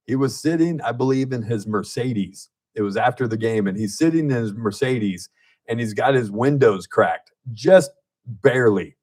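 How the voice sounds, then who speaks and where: A man hosting a casual local radio talk show, spinning stories with plenty of laughter. He slips into the voices of the people he quotes, and his pitch swings up and down as he tells it. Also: normal speed. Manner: animated storyteller, laughs often, acts out quotes. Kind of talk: casual radio chat and storytelling. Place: radio studio.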